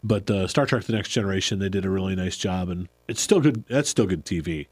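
Middle-aged male co-host, low voice, dry recording, loose and rambling. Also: a little fast, a little mellow, no room sound. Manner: rambling, self-correcting. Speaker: podcast co-host. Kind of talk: casual chat.

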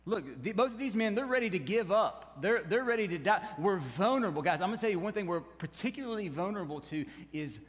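A man preaching with a high, lifted voice, his words trailing off into a long hall reverb. He swings from loud rising appeals to quiet dropped asides and keeps putting questions to the congregation. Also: quick pace, few pauses. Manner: animated preaching that rises and drops, with asides to the congregation. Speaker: pastor. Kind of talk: sermon.

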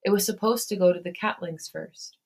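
Quiet hoarse young man, sick and tired, read by a woman; lower register. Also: a little fast. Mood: weary. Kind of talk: fan fiction read aloud.

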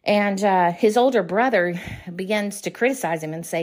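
A middle-aged woman coaches business owners in a faith-based talk with a slightly low voice. She preaches earnestly, repeating pointed questions and pausing for emphasis.

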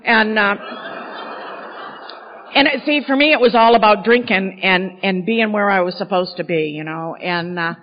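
A woman's voice: on the low side, fairly quick. Woman speaker at a podium, frank, self-mocking storyteller, dull sound, long echoing hall. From Maine. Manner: candid, self-mocking storytelling, many "you know"s. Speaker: speaker sharing recovery story. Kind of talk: storytelling talk at a recovery gathering.

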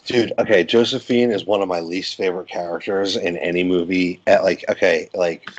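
A man's voice: low-pitched, fairly even intonation, brisk, slight background noise. A man talking in a blunt, profane way on a casual movie review podcast. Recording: dull lo-fi podcast audio.

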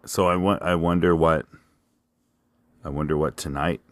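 A man with a Kentucky accent telling a rambling, self-mocking comic story, jumping louder when he quotes himself. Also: very deep voice, slow, pauses often, no room sound. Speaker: podcast host. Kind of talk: storytelling monologue.

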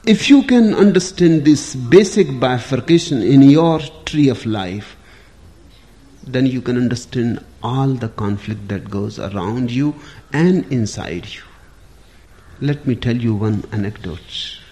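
A man giving a spiritual discourse in a measured, deliberate storytelling manner. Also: mid-range voice, lively intonation, mellow. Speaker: spiritual teacher.

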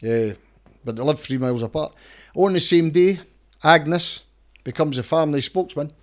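This interview guest is a middle-aged Scottish man who works as a campaigner and lawyer. His voice is fairly high and his speed normal. Talking casually but emphatically, he keeps restarting, repeating words and checking "right?"

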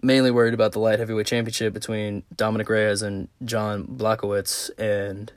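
A man's voice: lowish voice, little pitch movement, a little fast, dry recording. A young man talking casually in a rambling monologue, swearing often and filling gaps with "like" and "um". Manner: rambling, profane, lots of "like" fillers. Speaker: vlogger.

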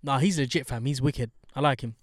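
A man's voice: medium pitch, a little fast, no room sound, studio quality. A young man with a London accent, chatting casually with slang and swearing. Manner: slangy, animated, swears freely. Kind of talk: casual chat.

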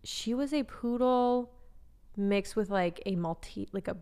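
A young woman co-hosting a podcast in a relaxed, casual chat. She talks in a chatty, giggly way and breaks into little voices for the people in her stories. Her pitch sits in an ordinary middle range. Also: a little slow, clean tone. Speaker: podcast co-host.

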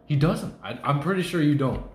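Podcast co-host, male, rowdy teasing banter, high lively voice, echoey room. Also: a little fast. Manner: teasing, animated, loud bursts of laughter. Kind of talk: casual chat.

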